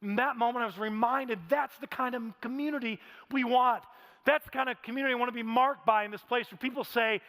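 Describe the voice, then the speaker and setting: Male pastor, high-pitched and animated, sermon recorded with long hall reverb. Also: quick pace. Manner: animated storytelling, acts out quoted voices. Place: large church auditorium.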